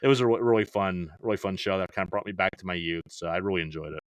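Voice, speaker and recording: This middle-aged podcast guest, a fantasy baseball analyst, talks in a deep, smooth voice at a rapid-fire clip with no room sound. His casual chat wanders, littered with "you know"s and false starts.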